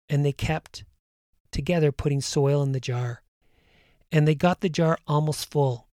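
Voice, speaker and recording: A man hosting, earnestly retelling a story and guiding a calm breathing meditation. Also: on the high side, a little slow, no room sound, studio quality.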